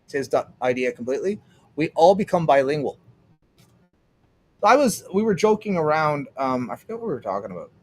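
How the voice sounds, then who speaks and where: A man's voice: a little high, sing-song, fairly quick, a little mellow, slightly rough. A young man from Canada rambling casually on a livestream, swearing often and restarting his sentences. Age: young adult. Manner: rambling, profane, trails off and restarts. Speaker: streamer.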